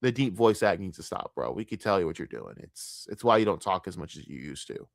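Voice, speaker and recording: Gruff, scornful man ranting in a dry room. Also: sits low, big pitch swings, fairly quick, dry recording. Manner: blunt, scornful, swears heavily. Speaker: streamer reacting to a documentary. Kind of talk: profane reaction rant.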